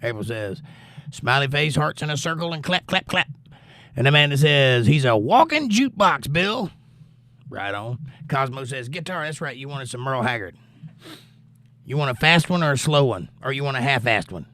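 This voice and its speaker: A man's voice: mid-range voice, sing-song, moderate pace, bright, forceful tone. A male livestream host and musician, reading out viewer comments and answering them in a casual, laid-back way.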